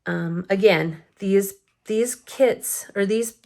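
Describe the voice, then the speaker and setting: A woman's voice: medium pitch, takes it slowly, creaky, darkish tone. Chatty sleepy woman showing her album. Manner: chatty, rambling, frequent fillers and laughs. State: sleepy, yawning late at night. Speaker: scrapbooking vlogger. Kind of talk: casual flip-through chat. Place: home at night.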